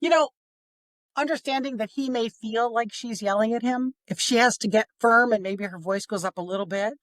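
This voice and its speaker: A middle-aged woman talking about parenting on a podcast, chatty and expressive, sometimes acting out what others said. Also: a little high, normal speed, dry recording. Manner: chatty, expressive, acts out quoted voices. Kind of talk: casual podcast conversation.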